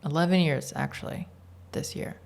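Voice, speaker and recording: A man with a gravelly, fry-tinged voice chats as a podcast guest. He keeps it playful and teasing and laughs often. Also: fairly high pitch, normal speed. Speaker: podcast guest, pro mountain biker. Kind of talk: casual podcast chat.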